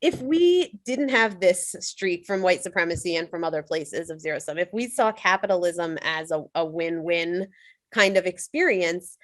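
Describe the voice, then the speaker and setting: A woman's voice: fairly low pitch, lively intonation, moderate pace, no room sound. Woman, earnest, chatty reflective sharing, dry close sound. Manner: earnest, conversational, many fillers.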